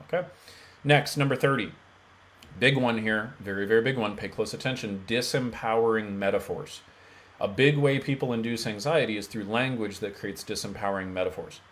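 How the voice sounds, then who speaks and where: A man coaching viewers on mental health, talking emphatically and directly to them, with frequent "okay" and "right" check-ins. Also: lowish voice. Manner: energetic, emphatic, talks straight to viewer with rhetorical okays. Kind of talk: direct-to-camera teaching.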